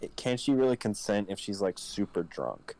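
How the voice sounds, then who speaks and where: Low-voiced man with gravel, hesitant co-host in casual chat. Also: sing-song, normal speed, a little mellow, poor audio. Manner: hesitant, trailing off.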